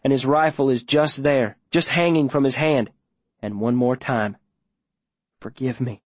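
A man narrating a first-person audiobook in a low, steady storytelling voice. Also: normal speed, no room sound.

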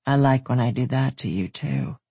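A narrator voicing a strong, tender, confident man who talks in a low rumbling murmur, read in a dry, husky voice. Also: measured pace, mellow, no room sound. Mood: teasing.

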